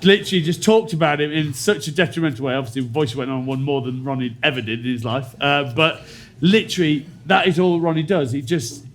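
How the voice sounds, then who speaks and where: A man's voice: fairly high pitch, fast, few pauses. Laughing male ex-rugby panelist. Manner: storytelling, laughing often, imitating teammates. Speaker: former rugby player, panelist. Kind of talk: casual chat with anecdotes.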